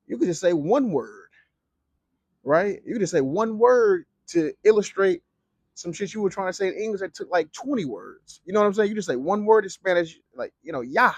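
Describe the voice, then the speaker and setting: A man's voice: on the high side, dry recording. A young man giving casual advice on learning Spanish, loose and slangy, with plenty of fillers and swearing. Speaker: Spanish teacher and vlogger. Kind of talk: casual talking-to-camera advice. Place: living in Mexico.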